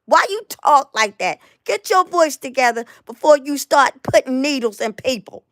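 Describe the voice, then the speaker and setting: A woman, hosting a live online show and ranting emphatically to viewers, repeating herself and stumbling on restarts, tired and going hoarse. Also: sits high, animated, normal speed, a bit bright, dry recording, clean studio sound. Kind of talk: impassioned live rant to viewers.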